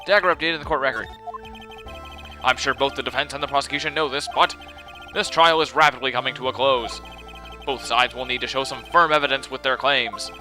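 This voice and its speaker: A man's voice: medium pitch, brisk, bright, forceful tone, soft background music. A man voicing a formal older male judge announcing court proceedings.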